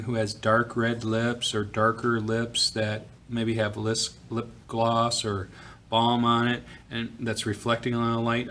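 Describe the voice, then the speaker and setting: A man teaching art, talking casually through a drawing tutorial from a school office, pausing with fillers as he works. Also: mid-range voice, slight background noise. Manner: relaxed, talks while drawing, frequent fillers.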